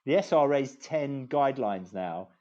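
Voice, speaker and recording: An English man in his fifties, a law firm managing partner telling anecdotes as a podcast guest, animated and digressive with many restarts. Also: medium pitch, measured pace. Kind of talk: anecdotal storytelling in conversation. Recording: dull lo-fi sound.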